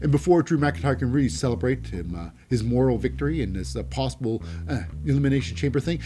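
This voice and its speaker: A man's voice: medium pitch, expressive, fast, hardly any pauses, warm tone, slight background noise. A man hosting a wrestling show, giving a casual, rambling recap with many fillers and restarts.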